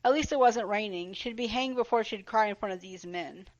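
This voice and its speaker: A woman's voice: medium pitch, fairly quick, dull audio. A woman guest on a podcast, chatting casually about a book and reading passages aloud. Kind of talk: casual book discussion chat.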